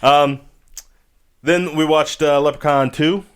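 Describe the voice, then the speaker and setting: A young man co-hosting a casual podcast chat, laughing often and tossing out quick asides. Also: on the high side, steady tone, smooth. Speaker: podcast co-host.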